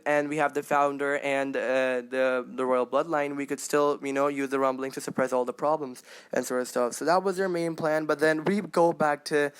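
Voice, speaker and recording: A young man runs through an episode recap in a loose, slangy ramble, full of "bro" and "freaking". His voice sits a little high and sounds smooth and clear. He gets loud and worked up whenever he reaches a big moment. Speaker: anime reaction vlogger.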